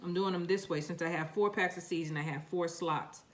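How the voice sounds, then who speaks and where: A woman's voice: lowish voice, steady tone, a little fast. A woman with a New York accent, chatting to herself and her seeds while planting them in a casual gardening vlog. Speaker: gardening vlogger.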